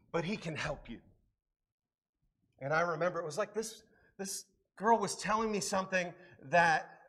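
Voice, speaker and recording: A man preaching a sermon with personal testimony at a church service, impassioned and swinging from hushed lines to emphatic ones, with repeated rhetorical questions. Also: high-pitched. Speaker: pastor.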